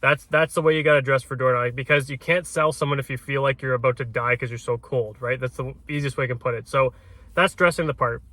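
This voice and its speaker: Bright-voiced man coaching, keeps saying "right?". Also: mid-range voice, fairly even intonation, fast talker, no room sound. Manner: peppers sentences with tag "right?"; restarts and repeats words. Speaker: realtor coaching door knocking. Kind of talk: casual coaching talk to camera.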